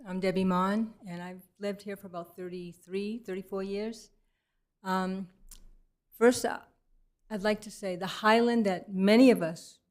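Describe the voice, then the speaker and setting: A middle-aged woman giving an unplanned, earnest public comment at a council meeting, halting and restarting often. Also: medium pitch, darkish tone. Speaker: resident speaking at public comment.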